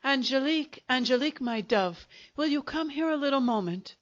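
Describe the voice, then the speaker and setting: A woman's voice: fairly high pitch, a little slow, no echo, close to an everyday voice. A woman voicing a serene, overly polite plump middle-aged male coffin maker, courteous and florid, on a dull lo-fi recording. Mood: coaxing.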